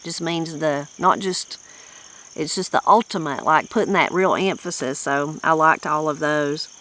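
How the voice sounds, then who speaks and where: A woman's voice: deep voice, a little slow, fairly bright tone, low-quality recording. A woman with a Southern Appalachian accent, a channel host chatting about a book in a folksy, rambling, reflective way. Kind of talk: casual book-discussion chat.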